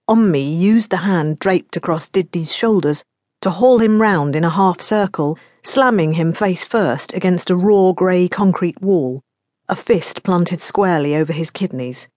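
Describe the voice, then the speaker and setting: A woman narrates a mystery audiobook from a script, telling it in a measured storytelling manner. Her voice is lowish and a little mellow, and the studio sound is clean with no room sound.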